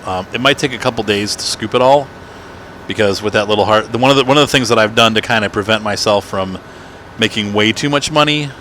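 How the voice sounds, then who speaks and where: Chatty bright-voiced man hosting gameplay. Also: lowish voice, slight background noise. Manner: chatty, rambling, self-deprecating. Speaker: gaming channel host. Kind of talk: casual gameplay commentary. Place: home room. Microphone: desk microphone.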